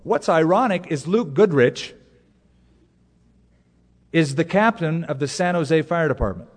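The long reverb of a large hall surrounds this pastor's animated, higher-pitched voice as he preaches a little slowly. He weaves jokes into stories and hammers points home by repeating words.

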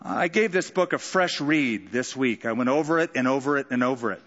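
A man's voice: medium pitch, lively intonation, a little fast, fairly bright tone, long reverb tail, muffled recording. A man preaching a sermon in a conversational way, acting out quoted lines with dramatic flair. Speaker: pastor.

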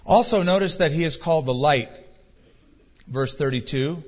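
A man's voice: a little high, moderate pace, pauses often. A male pastor preaching a sermon emphatically, full of rhetorical questions, in a dull recording with long hall reverb.

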